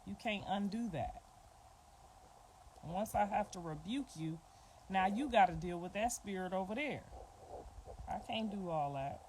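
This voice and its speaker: On a livestream, a middle-aged woman chats casually, speaking bluntly and repeating her points in an informal way. Her mid-range voice is expressive and a little mellow, delivered at a measured pace with long pauses. The audio is poor, with clicking noise behind her.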